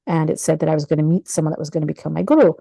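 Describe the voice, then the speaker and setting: Middle-aged woman physician guest, low warm tone, animated anecdotes with acted-out quotes. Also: very fast, gravelly, no room sound, low-quality recording. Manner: animated, acts out quoted voices with laughter. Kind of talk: casual storytelling interview.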